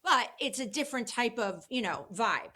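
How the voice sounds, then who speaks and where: A woman guest in a casual interview, telling an animated story with lots of fillers. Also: on the high side, normal speed. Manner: chatty, animated, many fillers. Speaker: guest, publicist.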